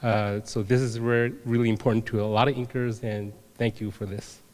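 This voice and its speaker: A man giving a humble, halting acceptance speech on a convention stage, earnestly thanking voters and fellow nominees. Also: on the low side, level tone, very noisy. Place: large convention hall stage. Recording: long hall reverb.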